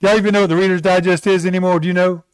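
Earnest high-voiced male preacher. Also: little pitch movement, clean tone, no echo, low-quality recording. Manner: earnest, slows down to stress scripture. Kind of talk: sermon.

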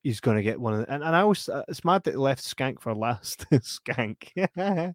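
A man co-hosting a casual film review chat, animated, often acting out lines from the film in put-on voices and laughing. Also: medium pitch, normal speed, no room sound. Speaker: podcast co-host.

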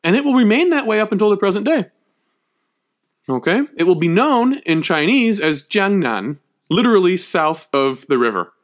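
A man's voice: sits high, sing-song, normal speed. A man giving a history lecture, emphatic and conversational, checking in often with his listeners. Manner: emphatic, checks in with frequent "okay?".

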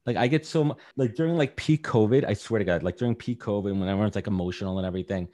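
Brief: low-pitched man, 30s, quick rambling guest talk, candid. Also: dark tone. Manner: rambling, candid, lots of fillers. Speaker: podcast guest. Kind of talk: casual podcast chat.

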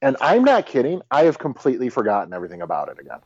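A man's voice: rapid-fire, slightly rough, no echo. A man co-hosting a casual movie review podcast, blunt and exasperated, cursing freely. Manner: blunt, animated, swearing exasperation. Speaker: podcast co-host. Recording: dull dry low-fi mic.

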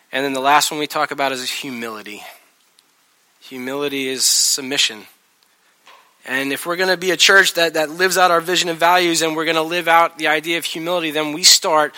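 Bright-voiced animated pastor preaching. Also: male voice, fairly high pitch. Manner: animated storytelling, acting out voices. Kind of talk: sermon.

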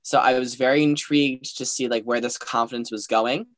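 A man's voice: medium pitch, fairly even intonation, a little fast, no echo. A young man co-hosting a casual recap chat, rambling and hedging, often restarting his sentences. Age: young adult. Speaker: co-host.

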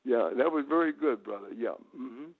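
A man telling rambling stories as a guest, with lots of repeated starts and sudden loud, high showman bursts. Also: lively intonation, normal speed, husky. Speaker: guest, retired pro wrestler. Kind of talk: casual storytelling. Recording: tinny phone-line audio.

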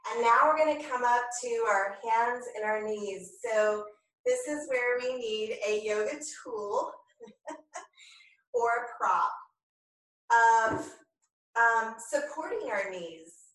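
A woman guides a yoga class at a slow, unhurried pace, her voice bright and a bit high. She sits well back from the camera mic in a very echoey room. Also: far from the mic. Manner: slow, calm cueing of breath and movement. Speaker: yoga instructor. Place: home room, filmed on own camera. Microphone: camera mic at a distance.

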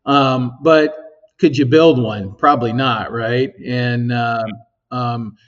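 A man's voice: mid-range voice, steady tone, slow pace. A man working as an engineer at a physics lab, explaining his work in a casual interview, rambling with many ums and tag questions. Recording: slightly dull lo-fi sound.

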